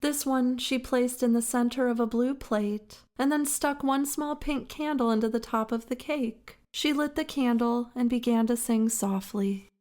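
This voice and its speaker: A woman narrating a historical story in a slow, measured, dramatic way. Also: a little high, a little mellow.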